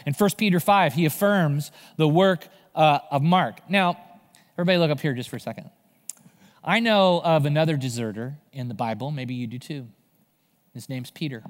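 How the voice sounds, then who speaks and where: Male pastor, expressive storyteller, slightly high-pitched, long church reverb. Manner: animated storytelling, acting out voices. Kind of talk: sermon. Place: large church hall.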